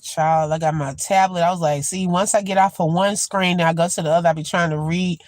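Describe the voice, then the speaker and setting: A woman hosting a casual live commentary, talking to viewers in an unhurried, chatty way and calling them y'all and child. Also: lowish voice, steady tone, a little mellow, dry recording. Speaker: host reacting to news.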